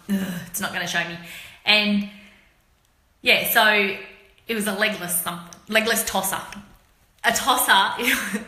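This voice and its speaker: A woman's voice: medium pitch, sharp tone, reverberant. A middle-aged Australian woman chatting casually on a live stream, explaining local slang to viewers with laughs. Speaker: author hosting a live stream.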